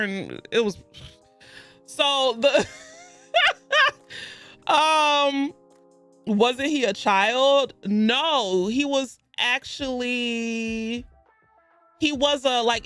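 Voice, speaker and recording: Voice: mid-range voice, fairly bright tone. A video host giving a rambling, casual recap of a book, with asides and self-corrections.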